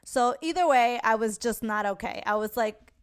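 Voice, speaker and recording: A woman's voice: on the high side, moderate pace, clear, resonant tone. Chatty New woman, casual swearing. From New York. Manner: chatty, swearing, many fillers and restarts. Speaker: podcast host. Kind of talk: casual chat.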